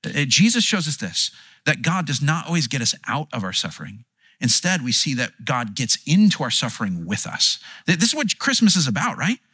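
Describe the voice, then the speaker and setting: A man's voice: a little high, very animated, brisk, pushed and bright, slightly rough, no echo. A man preaching a sermon, earnest and conversational, often restarting his words and acting out quotes. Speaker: pastor.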